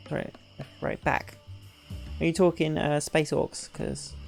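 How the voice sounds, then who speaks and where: A woman streaming a game with a gravelly edge to her voice, talking in a chatty, self-deprecating way to her viewers. Game music plays faintly behind her. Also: sits low, little pitch movement, unhurried, a little mellow. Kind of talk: casual gameplay commentary.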